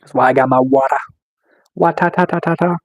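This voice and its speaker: A man casually chatting on a livestream, reading chat and answering slowly with lots of fillers, just getting over a cold. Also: fairly high pitch, darkish tone, poor audio. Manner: slow, laid-back, chill delivery with many fillers. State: recovering from a cold.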